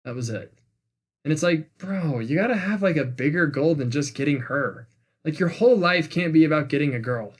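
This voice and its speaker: A man's voice: a little high, animated, normal speed. A man co-hosting a casual movie review podcast, giving blunt, slangy opinions. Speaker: podcast co-host.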